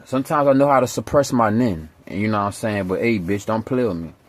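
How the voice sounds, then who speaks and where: A man talking straight to camera, profane and emphatic in rambling street slang. His voice sits fairly low. The recording is dry and close, with no room sound. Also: fast, dry recording. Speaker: vlogger. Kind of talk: rambling casual storytelling.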